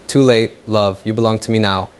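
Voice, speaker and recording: A man voicing a possessive, menacing young lover who taunts slowly in an audio fan fiction story. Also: lowish voice, fairly even intonation, clean tone, close to an everyday voice. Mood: mocking. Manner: slow, taunting, mocking.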